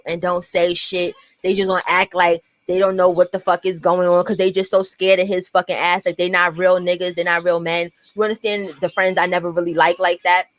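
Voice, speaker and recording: A woman's voice: lowish voice, dry recording, low-quality recording. Blunt profane New York woman vlogger. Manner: blunt, profane, addresses viewers directly. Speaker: vlogger telling a personal story. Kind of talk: casual storytime to camera.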